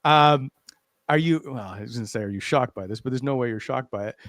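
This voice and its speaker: A man's voice: medium pitch, quick pace, fairly bright tone, dry recording. A man hosting a casual post-game hockey show, asking easygoing questions and laughing along. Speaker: host, interviewer.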